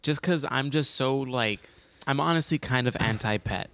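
A man's voice: medium pitch, moderate pace, a bit bright. A young man in casual chat who rambles, restarts his sentences, laughs often and swears.

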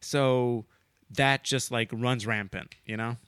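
A man's voice: medium pitch, fairly even intonation, a bit bright, clear, resonant tone, no room sound. Rambling young man, dry close sound. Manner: rambling, halting, full of "like" and restarts. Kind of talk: casual chat.

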